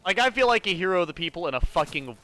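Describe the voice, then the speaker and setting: A young man streaming a video game, chatting casually with his viewers, excitable and quick to swear. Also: high-pitched. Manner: excitable, swears often, talks to chat. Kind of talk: casual live-stream commentary.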